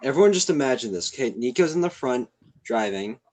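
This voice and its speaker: Teasing teenage podcast host. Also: male voice, medium pitch, animated, brisk, a little mellow. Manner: playful, teasing, steers the talk. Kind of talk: casual chat.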